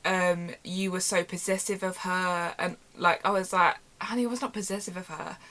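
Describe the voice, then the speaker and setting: A young woman casually telling a storytime vlog from her bedroom, animated and chatty, acting out quoted dialogue. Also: lowish voice, normal speed. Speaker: YouTuber. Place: home bedroom. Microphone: camera on tripod.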